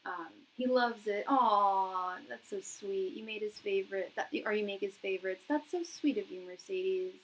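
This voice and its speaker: A woman's voice: medium pitch, moderate pace, hardly any pauses, slight background noise, low-quality recording. A young woman reading tarot on a live stream, chatting casually with lots of fillers, laughs and repeated words. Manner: reads viewers' chat messages aloud. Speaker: tarot reader and psychic.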